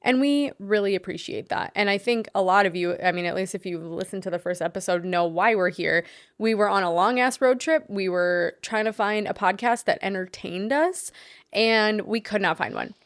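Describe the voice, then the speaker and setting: A woman's voice: mid-range voice, moderate pace, no room sound, clean studio sound. A young adult woman co-hosting a podcast, chatting in an earnest, talkative way with lots of "like" and "um". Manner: chatty, earnest, says "like" and "um" often. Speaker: podcast co-host. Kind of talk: casual chat.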